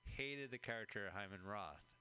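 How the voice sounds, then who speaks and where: A man's voice: lowish voice, expressive, normal speed, sharp tone, smooth. A man co-hosting a casual chat over a film, joking around and slipping into silly impressions. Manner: jokey, slips into silly impressions. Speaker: podcast co-host. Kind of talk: casual movie commentary chat.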